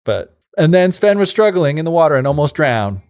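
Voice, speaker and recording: A man's voice: fairly high pitch, sing-song, brisk, a little mellow. A man co-hosting a podcast, retelling a fairy tale in a rambling, casual way full of "like" and side remarks. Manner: rambling, many likes and asides. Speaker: podcast co-host. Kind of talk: casual storytelling chat.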